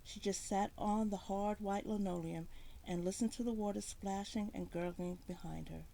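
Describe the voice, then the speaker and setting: A woman's voice: medium pitch, moderate pace, creaky. A woman reading a story aloud, narrating expressively. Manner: expressive narration with voiced characters.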